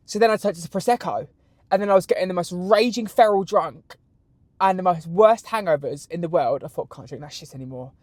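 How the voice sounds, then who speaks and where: Here a British podcaster in his 20s, voice on the high side, answers listener questions by himself. His storytelling is animated, crude and camp, captured dry and close to the microphone.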